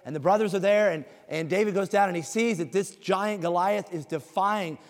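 A man with a somewhat high voice delivers a sermon. He reads scripture in slow, weighty phrases, then slips into casual asides to the congregation. The sound rings with the long reverb of a big hall. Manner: slow emphatic scripture reading, conversational asides. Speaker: preacher.

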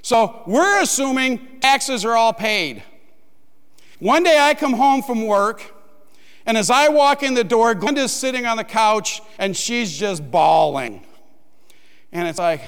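A man's voice: very high voice, sing-song, a little slow, fairly bright tone. A man preaching a sermon, telling a funny personal story and acting out his own panicked voice in the quotes. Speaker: pastor. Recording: long hall reverb.

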